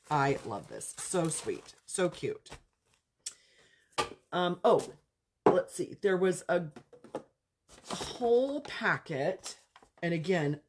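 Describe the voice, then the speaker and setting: A woman hosting a casual live crafting chat, gushing and chatty as she shows off gifts she was given. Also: low-pitched. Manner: gushing, chatty, lots of "so cute" and "I love this". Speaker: crafting channel host.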